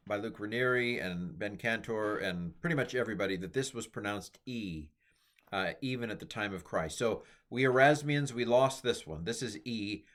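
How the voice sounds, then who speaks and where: Rambling middle-aged man teaching, low voice. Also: fairly bright tone. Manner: rambling, self-deprecating, many fillers. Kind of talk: informal lecture.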